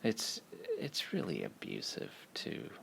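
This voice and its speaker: A man telling a casual, profane story, laughing as he goes in an animated way. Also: rumbling low, slow, gravelly, husky.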